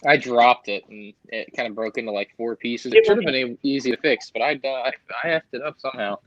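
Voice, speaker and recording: A man's voice: medium pitch, lively intonation, fairly quick, no echo, lo-fi sound. A man co-hosting a livestream, talking offhandedly and muttering to himself while he fiddles with things. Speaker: livestream co-host. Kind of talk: casual group chat on a livestream.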